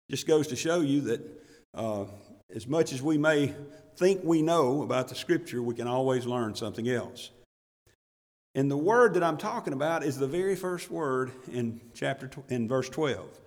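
A man's voice: on the high side, in a large hall. A male pastor preaching a sermon emphatically, repeating key words for stress.

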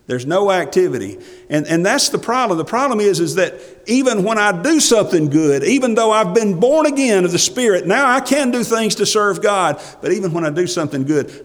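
A male pastor preaching a sermon, reading scripture in old-fashioned wording and rising to emphatic passages before dropping quiet. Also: high-pitched. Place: church sanctuary. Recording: long hall reverb from a church.

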